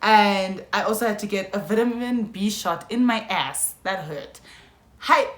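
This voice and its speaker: A young South African woman telling a storytime vlog, animated and slangy, often calling out to her viewers. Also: medium pitch, normal speed. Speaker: YouTuber. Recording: echoey room.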